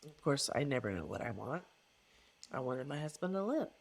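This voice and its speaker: A woman's voice: rumbling low, big pitch swings, moderate pace, husky. A middle-aged woman, a coach, speaking as a guest in an interview with an earnest, emphatic manner and repeated phrases for stress. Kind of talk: reflective interview conversation.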